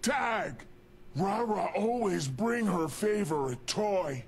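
A man's voice: high voice, lively intonation, slow, full character voice. An actor playing a huge, angry male super mutant who speaks in broken sentences and refers to himself in the third person. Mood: pleading, worried. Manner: broken speech, referring to self in third person, shouting bursts. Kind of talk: video game dialogue.

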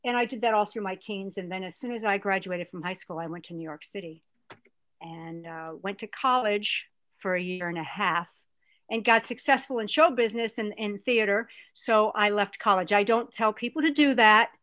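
A woman guest, an actress, chatting and telling stories in an animated way, with a lot of restarts. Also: mid-range voice, normal speed. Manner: animated, rambling storyteller with many restarts. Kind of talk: casual interview chat.

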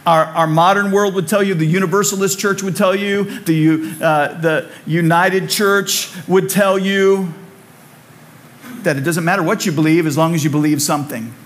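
A man's voice: sits high, steady tone, moderate pace. A man preaching a sermon in a church, conversational and repetitive, with humorous asides. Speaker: pastor. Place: church sanctuary.

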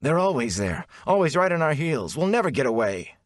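A man's voice: a little high, very animated, fairly quick, no room sound, clean studio sound, pitched above the performer's own voice. A man voicing a gloomy young male companion in an audiobook, growling his words. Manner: growling, fearful.

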